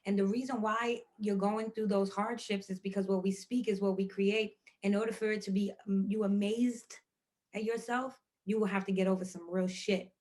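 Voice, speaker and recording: Woman, mid-pitched voice, emotional, emphatic, repeats herself, podcast chat. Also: fairly even intonation, moderate pace, a little mellow. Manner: emphatic, repeats her praise. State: moved, emotional. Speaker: podcast co-host.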